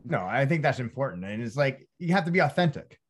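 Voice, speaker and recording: A man's voice: medium pitch, sing-song, quick pace, slightly rough. A man hosting a podcast, asking questions in a rambling way full of "like". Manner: rambling, leans heavily on "like". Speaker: podcast host. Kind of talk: casual podcast interview.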